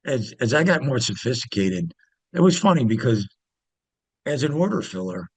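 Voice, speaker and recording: Guest: husky man, dry close sound, rambling storyteller with lots of fillers. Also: mid-range voice, big pitch swings, normal speed, no echo. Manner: rambling, many fillers and restarts. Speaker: interview guest, former pit trader. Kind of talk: casual storytelling.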